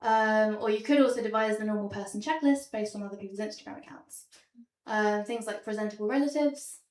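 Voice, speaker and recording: A woman's voice: mid-range voice, fairly quick, darkish tone. A young woman doing stand-up comedy in a small theatre, wry and self-deprecating, with a lot of ums. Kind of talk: stand-up comedy show with slides. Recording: roomy sound from a distance.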